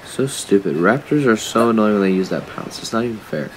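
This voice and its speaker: A man's voice: fairly low pitch, animated, brisk, a little hiss or hum. A man giving casual commentary while he plays a video game, talking to the creatures on screen and to his viewers, often frustrated. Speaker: gaming YouTuber.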